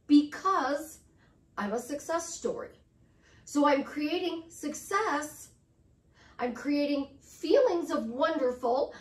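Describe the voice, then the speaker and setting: A middle-aged woman life coach chatting to camera in an upbeat way, repeating affirmations with chatty asides. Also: sits high. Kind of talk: casual motivational talk to camera. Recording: roomy sound, distant from the mic.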